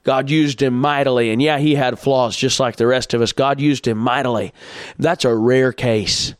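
A man preaching a sermon, folksy and plainspoken, building to loud exhortation. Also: medium pitch, moderate pace, no echo, clean studio sound. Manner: rises from calm teaching to loud shouted exhortation; folksy farm imagery, plainspoken.

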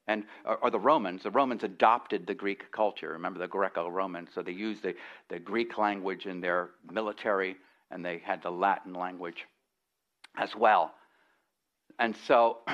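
A man's voice: lowish voice, a bit bright, lo-fi sound. A man preaching an expository sermon, with folksy asides and frequent restarts.

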